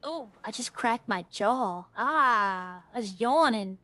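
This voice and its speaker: A woman's voice: a little high, lively intonation, a little slow, no echo. A woman streaming a game, chatting casually with viewers and thinking aloud in a rambling way. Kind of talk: casual gameplay chat to viewers.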